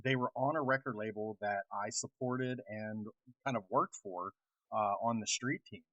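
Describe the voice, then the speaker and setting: A man's voice: lowish voice, normal speed, fairly bright tone, dry recording, highs cut off. A man co-hosting a podcast, telling a story in a rambling, hesitant way with many fillers. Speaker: podcast co-host. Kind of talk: casual chat.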